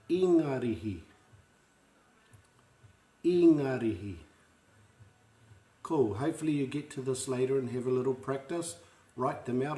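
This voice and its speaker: In an online lesson, a man with a New Zealand accent teaches pronunciation, patiently repeating each word so learners can say it after him. His voice is medium-pitched and a little mellow, with a roomy sound.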